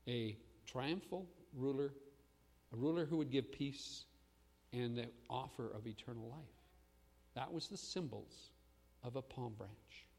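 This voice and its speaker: A man preaching a sermon as pastor, swinging between loud proclamation and hushed asides. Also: medium pitch, long reverb tail.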